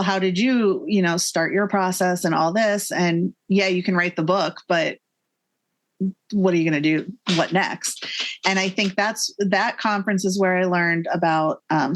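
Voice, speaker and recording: A woman in her forties with a slightly low voice chats eagerly as a podcast guest. She fills her talk with "like" and "um" and acts out what others said. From Massachusetts. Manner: chatty, enthusiastic, many fillers, acts out quoted lines. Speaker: guest author. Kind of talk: casual podcast interview.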